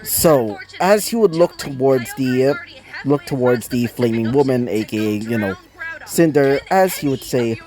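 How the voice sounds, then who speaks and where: A man's voice: mid-range voice, animated, moderate pace, darkish tone. Rambling man telling a fan story. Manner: rambling, many fillers and restarts. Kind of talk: improvised fan story narration.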